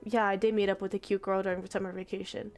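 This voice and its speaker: A woman voicing a stoic, jealous teenage schoolboy in a flat, blunt way. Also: medium pitch, fast, close to an everyday voice.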